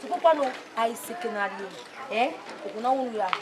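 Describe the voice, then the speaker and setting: A woman's voice: a little high, expressive, brisk, a crowd in the background, close to an everyday voice. An actress with a Nigerian Pidgin accent playing an indignant young woman caught up in a household quarrel. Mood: arguing. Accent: Nigerian Pidgin English. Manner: argumentative, pleading, quarrelsome. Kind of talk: Nollywood comedy film acting. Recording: distant mic with noisy background.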